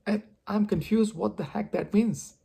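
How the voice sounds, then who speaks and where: A man telling a personal story on his vlog, expressive and poking fun at himself. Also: sits high, unhurried, vocal fry, breathy edge. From India. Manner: expressive, self-mocking storyteller. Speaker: vlogger.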